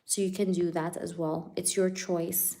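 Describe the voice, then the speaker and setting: A woman's voice: lowish voice, level tone, unhurried, warm tone. A woman hosting a live tarot stream, chatting casually with viewers. She is playful, laughs often and fills her talk with "like" and "you know".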